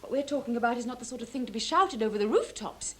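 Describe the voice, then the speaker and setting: An actress playing a proud, vengeful young stepdaughter who speaks with passionate, urgent indignation. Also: female voice, on the high side, expressive, quick pace, a bit bright. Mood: indignant.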